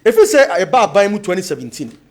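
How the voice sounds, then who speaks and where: A man with a Ghanaian accent arguing as a panelist on a political talk show, mixing two languages in animated debate. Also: sits high, fast. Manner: animated, mixes Twi and English.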